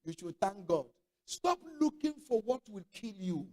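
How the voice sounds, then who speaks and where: Preaching unhurriedly, this middle-aged pastor has a high but dark-toned voice whose pitch swings widely. His sermon is built on stories with performed dialogue and rhetorical questions aimed at the congregation.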